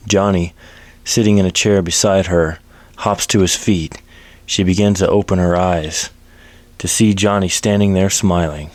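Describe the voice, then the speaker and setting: Male storyteller, very low voice, steady plain read, dry close sound. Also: dry recording. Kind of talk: reading a western story aloud.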